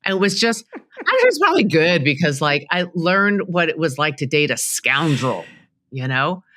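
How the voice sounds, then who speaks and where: Bright-voiced woman, chatty talk show guest. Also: low-pitched, moderate pace, no room sound, studio quality. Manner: chatty, animated storytelling, laughs easily. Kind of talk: casual interview chat.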